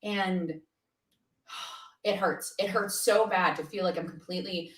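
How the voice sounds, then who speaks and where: An animated, candid woman speaks as an interview guest and laughs easily. She sits some way off the mic, and the room lends her voice a roomy echo. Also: fairly low pitch, a little slow, distant mic. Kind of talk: casual interview conversation.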